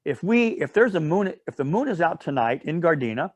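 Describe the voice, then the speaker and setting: A man's voice: fairly high pitch, sing-song, fairly quick, dry recording. A man leading a casual Bible study. He retells a story in a rambling way, with asides and self-corrections, and often checks in with "all right?".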